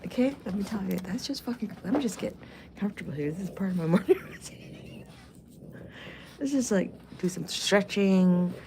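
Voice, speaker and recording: A woman's voice: on the low side, gravelly, background noise. A woman in her forties chatting casually and profanely to camera as a vlogger, full of jokey asides. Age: 40s.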